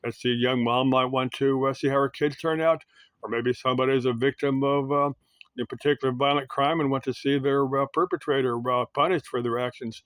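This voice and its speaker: A man hosting a rambling solo talk, musing aloud in a halting way, with many uhs and restarts. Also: mid-range voice, fairly even intonation, a bit bright, dry recording.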